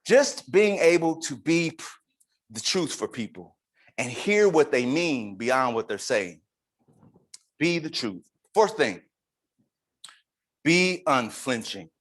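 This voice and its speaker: A man addresses a conference audience on leadership. His pitch rises and falls widely as he leans on key words and jokes with the listeners. His voice sits in a middle register. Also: takes it slowly, long pauses. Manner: animated, emphatic, playful with the crowd. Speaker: conference speaker. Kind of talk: live leadership talk to an audience. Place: conference room.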